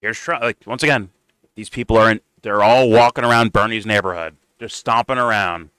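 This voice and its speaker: Male commentator, profane and heated; low, clean, dry close sound. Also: fairly quick, bright, forceful tone, clear, resonant tone, no room sound, rough recording. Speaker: political commentator. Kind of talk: casual reaction commentary.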